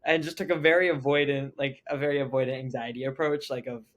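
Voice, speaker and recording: A young man, a podcast guest, telling a story in a casual, animated way, acting out other people's lines and saying "like" often. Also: medium pitch, fast. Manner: animated, acts out family members' lines, heavy "like" fillers.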